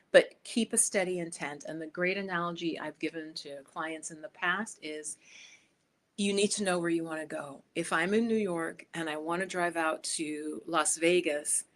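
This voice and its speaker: A woman's voice: sits low, fairly bright tone. A woman life coach giving a casual, chatty motivational talk, speaking directly to her viewers.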